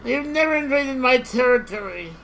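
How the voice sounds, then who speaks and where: A woman playing a strategy game live, exasperated, repeating herself and shouting at units on screen. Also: high voice, expressive, moderate pace, slight background noise, poor audio. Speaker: gamer.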